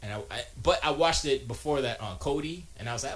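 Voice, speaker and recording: A man hosting a casual livestream from his home music studio, reading chat aloud and joking, with quiet muttered asides to himself. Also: medium pitch, fast. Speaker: live streamer reading chat.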